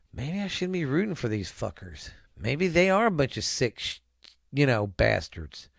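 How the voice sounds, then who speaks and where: A man with a fairly high, slightly bright, smooth voice hosts his own show in clean studio sound with no room noise. An adult with children, he rants angrily at his listeners, swearing constantly and rambling as he goes.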